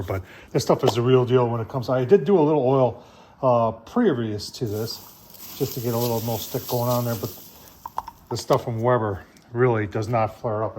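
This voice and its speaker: A man's voice: mid-range voice, background noise. A man hosting his own channel, casually reviewing a gas grill while cooking and chatting to viewers in a folksy way.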